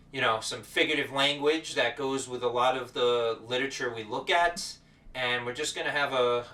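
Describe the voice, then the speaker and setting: Bright-voiced man hosting a lesson show. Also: mid-range voice. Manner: upbeat showman delivery with repeated greetings. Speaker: teacher hosting an educational show. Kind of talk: playful, energetic show hosting. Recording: roomy echo, voice distant from the mic.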